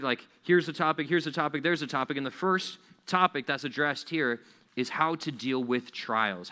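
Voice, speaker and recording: Guy pastor chatting through a sermon, bright forceful voice, keeps asking the room questions. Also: medium pitch. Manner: casual, conversational preaching with rhetorical questions.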